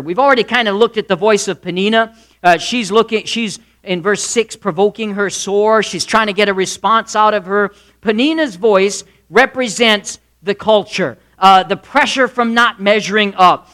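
Man, high voice, preaching a sermon, acts out characters, loud and soft swings. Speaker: pastor.

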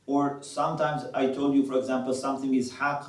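A man's voice: mid-range voice, level tone, fairly quick, roomy sound, far from the mic, rough recording. A man teaching a religious class, quoting scripture in Arabic and asking his students questions. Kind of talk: classroom lecture.

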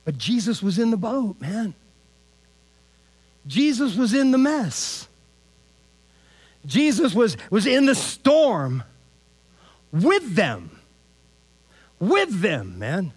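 High-voiced casual male preacher. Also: takes it slowly, long pauses, breathy edge. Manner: animated, repeats "man" and "all right?". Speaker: pastor. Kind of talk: casual conversational sermon.

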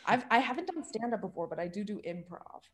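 A woman guesting on a podcast in casual chat, dry and deadpan, often pausing with ums. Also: mid-range voice.

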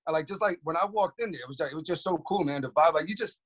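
A man's voice: fairly high pitch, racing, breathy edge. A man, a wrestler guest in a casual interview, talking in a laid-back slangy way full of "like".

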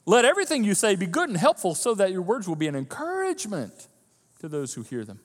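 A male pastor with a high voice preaches a little fast in a church hall that sounds like a big room. He's animated and acts out the voices of his listeners as he goes.

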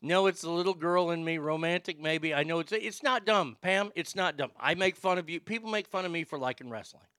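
A man hosting his own podcast, reading listener mail in a profane, excitable, rambling way. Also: on the high side, fairly quick, few pauses, clear, resonant tone, no room sound, studio quality. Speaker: podcast host.

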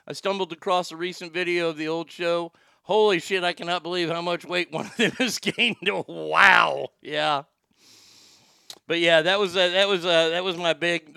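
A middle-aged man from Texas hosting a talk show, telling stories in a profane, animated, rambling way. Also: on the high side, clean tone, no room sound, clean studio sound. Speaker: podcast host, former sports broadcaster. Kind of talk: casual storytelling monologue.

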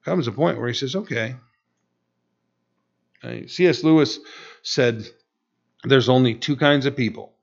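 Man, pastor, conversational sermon, mid pitch, slightly dull recording. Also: a little slow, creaky, long pauses. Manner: conversational, frequent "you know" and restarts.

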